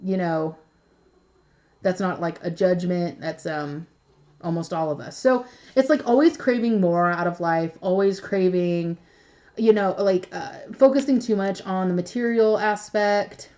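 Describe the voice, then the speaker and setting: A woman's voice: lowish voice, measured pace, mellow, dull audio. A young woman giving a casual tarot reading, chatty and blunt, swearing freely and laughing often. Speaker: tarot reader.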